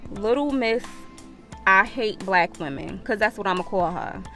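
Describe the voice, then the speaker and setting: Animated, foul-mouthed woman telling a story. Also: mid-range voice, measured pace, faint music behind. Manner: animated, profane storytelling with acted-out quotes. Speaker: vlogger. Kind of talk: storytime vlog.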